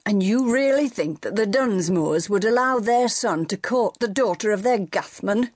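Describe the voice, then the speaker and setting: A woman voicing a sharp-tongued, protective farm mother who snaps her disapproval, pitched above her own voice. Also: expressive, normal speed, no room sound, clean studio sound, lightly acted. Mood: sharp disapproving. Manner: snapping, disapproving.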